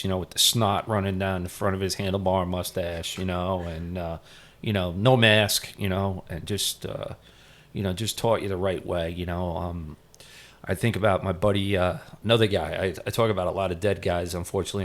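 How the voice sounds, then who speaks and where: A middle-aged man, a retired firefighter, telling firehouse stories in a rambling, casual way, full of "you know" fillers. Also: low-pitched. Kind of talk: casual storytelling interview.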